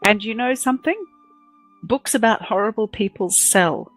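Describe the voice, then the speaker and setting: A woman's voice: medium pitch, moderate pace, dry recording, faint music behind, low-quality recording. A woman playing a character in a tabletop game, speaking in a polite, slightly formal way. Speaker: player.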